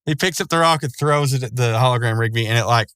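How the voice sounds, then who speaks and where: A man's voice: mid-range voice, fast, fairly bright tone, clean tone, no echo. Guy rambling through an episode recap, lots of um and like, dry close sound. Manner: rambling, loose, chuckling often, many fillers. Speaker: show recapper.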